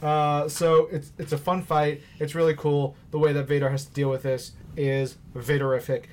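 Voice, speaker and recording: A man's voice: on the high side, level tone, normal speed, darkish tone, a little hiss or hum. Chatty man with fillers. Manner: loose, chatty, full of fillers and jokes. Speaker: podcast co-host. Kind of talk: casual comic book review chat.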